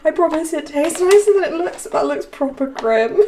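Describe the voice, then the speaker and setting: A woman's voice: high-pitched, lively intonation, moderate pace, warm tone, slight background noise. A young woman from England chatting casually as she films a holiday cottage. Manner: chatty, self-deprecating, filming as she walks around. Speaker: vlogger. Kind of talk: casual chat.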